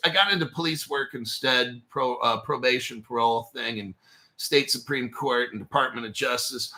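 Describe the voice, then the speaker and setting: A man's voice: fairly high pitch, bright, forceful tone. A man in his forties hosting a crypto channel, telling a long rambling story in a casual way, with a lot of swearing and laughter. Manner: profane, rambling, laughs between phrases.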